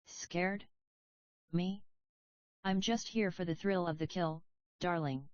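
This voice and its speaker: A woman's voice: lowish voice, steady tone, takes it slowly, muffled recording. Ghostface, read by a woman, cryptic and taunting. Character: masked male slasher killer, cryptic and mocking.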